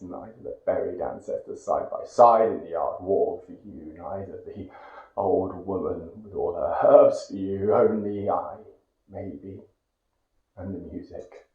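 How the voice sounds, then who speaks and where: Male poetry reciter, low voice, slow and intense, hush-to-cry swings; echoey, muffled lo-fi take. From Great Britain. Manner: slow, intense, swings between hushed whispers and loud cries. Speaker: poetry reader. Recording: echoey, dull lo-fi recording.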